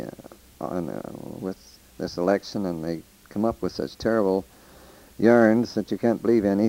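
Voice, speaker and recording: A man's voice: lowish voice, mellow, poor audio. An older man telling rambling, folksy stories of the old days into a taped letter, with restarts and quoted voices. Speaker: storyteller recording a taped letter. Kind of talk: casual spoken reminiscence.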